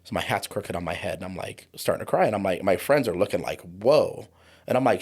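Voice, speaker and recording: A trauma coach in his forties, appearing as an interview-show guest, has a low, gravelly, slightly mellow voice with a breathy edge, and he talks briskly and expressively. He vividly tells a personal story, acting out the quoted voices of others.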